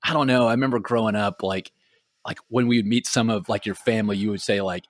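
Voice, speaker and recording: A man's voice: fairly low pitch, quick pace, dry recording, studio quality. A man from Houston co-hosting a casual podcast, telling stories with lots of laughter and acted-out quotes. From Houston, Texas. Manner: animated storytelling, laughs often, acts out quotes. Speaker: podcast co-host. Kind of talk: casual chat. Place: lives in Amsterdam, talking remotely.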